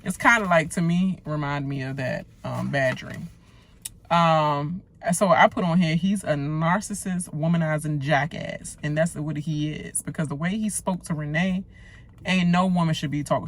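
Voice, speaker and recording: A woman giving a casual, outspoken reaction rant about a reality show, talking loosely with slang and lots of fillers. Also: low-pitched. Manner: blunt, outspoken, heated ranting.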